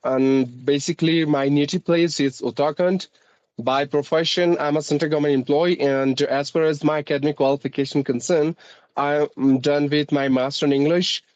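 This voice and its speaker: A man's voice: a little high, fairly even intonation, fairly quick, darkish tone, no echo, muffled recording. A man with an Indian accent who teaches English, hosting a casual speaking-practice conversation in a formal, articulate way.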